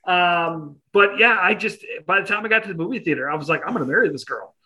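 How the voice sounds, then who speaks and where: Guy in his 40s telling a funny date story on himself, bright lively voice, kinda high. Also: quick pace, poor audio. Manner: self-deprecating, animated anecdote with quoted voices. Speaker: interview guest. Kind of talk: casual storytelling.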